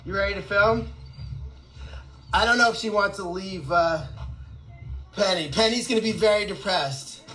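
A man running an animal sanctuary, chatting excitedly and rambling with lots of laughter in a casual fundraising video outdoors. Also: high-pitched, normal speed, pauses often, poor audio. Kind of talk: casual fundraising vlog chat.

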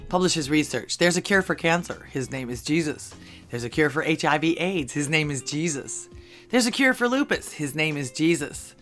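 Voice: medium pitch, lively intonation, normal speed, fairly bright tone, faint music behind. Dry-witted host reading funny posts aloud. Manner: dry asides between readings, chuckles at jokes. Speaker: channel host. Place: home in Texas.

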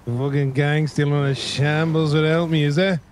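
A man's voice: on the high side, flat delivery, normal speed, a little hiss or hum. A man doing in-character game roleplay, full of brash, swearing, teasing banter. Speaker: roleplay gamer.

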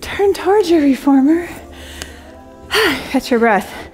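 A young adult woman leads a Pilates class at an unhurried pace, counting down reps and calling out cues. She sounds a little winded but stays upbeat, with bursts of cheering between sets. Her voice sits high. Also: animated, music in the background. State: slightly out of breath. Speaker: Pilates instructor. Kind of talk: fitness class cueing.

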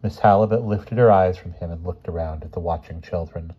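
A man reading a children's novel aloud in a calm, steady narration with small slips. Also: low voice, fairly quick, husky, lo-fi sound. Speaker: audiobook reader.

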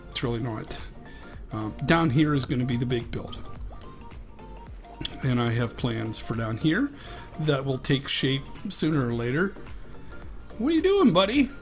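A man with a Western Pennsylvania accent hosting a Minecraft let's-play, chatting in a rambling, casual way as he plays. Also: mid-range voice. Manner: chatty and rambling, talks to the animals on screen. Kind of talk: casual gameplay commentary.

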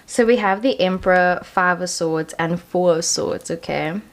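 A woman's voice: fairly low pitch, measured pace, slight background noise. A young woman giving a casual tarot card reading, chatty and reassuring, often saying "you know" and "um".

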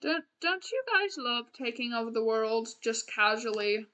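Young female streamer, bright higher voice, rambling playful game chatter. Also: animated, moderate pace. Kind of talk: casual gameplay commentary.

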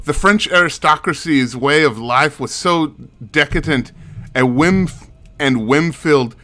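A man's voice: on the high side, sharp tone. Figure: woman curator, former void shaman voiced by a man. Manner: theatrical.

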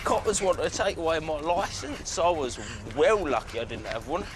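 A brash, boastful young lad. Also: male voice, fairly high pitch, sing-song, moderate pace, a crowd in the background. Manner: brash bragging, laughing at his own jokes. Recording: noisy sketch show audio.

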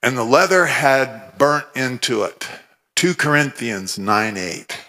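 A man from Oregon giving a humorous, animated testimony sermon, with scripture recited fervently. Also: mid-range voice, slow pace. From Oregon, USA. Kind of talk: storytelling sermon.

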